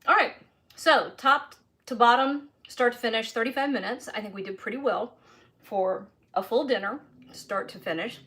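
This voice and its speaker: Her voice is a little high with a sharp tone. She's a home cook hosting a live stream, chatting casually and folksily as she cooks and tastes food in her kitchen.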